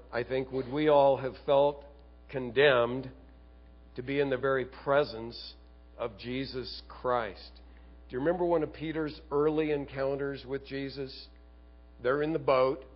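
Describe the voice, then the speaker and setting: A man's voice: on the high side, lo-fi sound. A man preaching an expository sermon, moving between Bible explanation and storytelling. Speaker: pastor.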